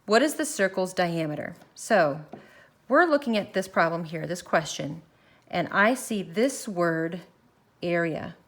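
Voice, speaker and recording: A woman teaching a recorded math lesson, walking through each step slowly and thinking aloud as she films her worksheet. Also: lowish voice, lively intonation. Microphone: phone camera filming her worksheet.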